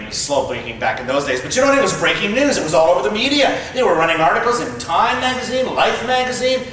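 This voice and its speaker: A man in his fifties delivers a humorous motivational speech, talking conversationally and often repeating his first words before a thought. His voice sits high for a man. It rings heavily through a large hall, picked up from a distance with a faint rumble behind it. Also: sharp tone. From Canada. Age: 50s. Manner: conversational, repeats words when starting sentences. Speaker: motivational speaker.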